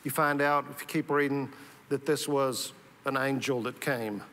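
A man's voice: mid-range voice, steady tone, normal speed, a bit bright, a little hiss or hum. A male pastor preaching a sermon in a conversational way, often restarting and repeating words. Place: church sanctuary. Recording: reverberant church hall.

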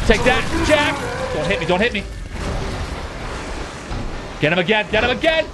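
A man commentating his own playthrough, excitable and shouting at the screen, swearing as he goes. His voice is high and leaps wildly in pitch. Game music plays clearly under him. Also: normal speed, pauses often. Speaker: gaming channel host. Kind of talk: let's play commentary.

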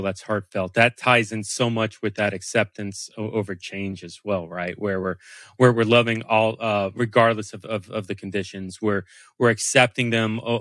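A man with a low, bright and forceful voice hosts a podcast. He affirms what his guest says and then moves the talk on to the next point. His voice is dry and close. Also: dry recording. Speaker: podcast host. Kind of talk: podcast interview.

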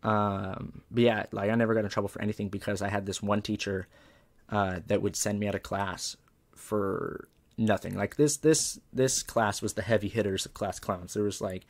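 Gravelly laid-back man telling stories. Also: fairly low pitch, fairly even intonation, moderate pace. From Southern California. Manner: laid-back, profane, heavy on "like" and "dude". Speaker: comedian guest. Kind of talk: casual comedic storytelling.

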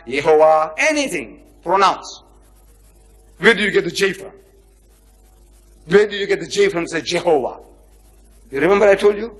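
A man lecturing an audience on religion, emphatic and repetitive, with rhetorical questions and slow chanted phrases. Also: fairly high pitch. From India, raised in South Africa. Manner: chants phrases slowly, swings from soft to loud.

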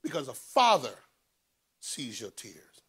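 A man preaching a sermon, swinging between loud rises and low hushed asides. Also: wildly swooping pitch, slow, slightly rough. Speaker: pastor.

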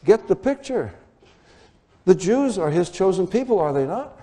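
Male preacher, animated Bible teacher with a lively, somewhat high voice. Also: moderate pace. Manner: animated, rising to excited high exclamations.

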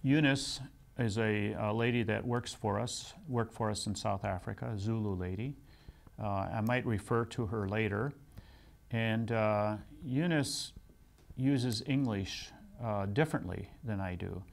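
A man's voice: lowish voice, unhurried, gravelly. An older man giving a seminary lecture in a conversational way, telling personal stories with self-deprecating humor. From United States.

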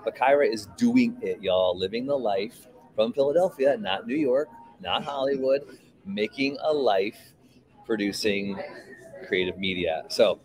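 A man's voice: on the low side, measured pace, darkish tone, rough recording. A man hosting a live podcast, talking in an upbeat, informal, chatty way from a coffee shop over a video call. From San Francisco Bay Area. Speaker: podcast host. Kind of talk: casual live podcast chat. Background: coffee shop crowd chatter.

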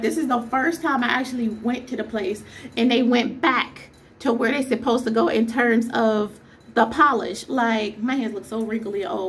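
A woman's voice: on the high side, slight background noise. A young woman vlogger telling a story as a casual rant, exasperated and emphatic, firing off rhetorical questions.

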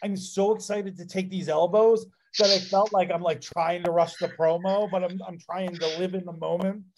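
A man with a somewhat high voice tells wrestling-era stories in a loose, animated way. He strings his thoughts together with frequent filler words, giving the talk a casual, conversational flow. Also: normal speed. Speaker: interview guest, pro wrestler. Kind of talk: casual anecdotal storytelling.

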